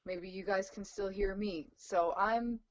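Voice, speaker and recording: A woman's voice: mid-range voice, unhurried. Cheerful woman on a lo-fi video call. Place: farm in rural Ontario. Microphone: video call over a patchy internet link. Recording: dull lo-fi video call audio.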